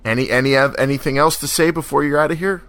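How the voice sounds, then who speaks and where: A man's voice: a little high, quick pace, fairly bright tone, no echo. A man hosting a casual wrestling podcast, joking and teasing his co-hosts. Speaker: podcast host.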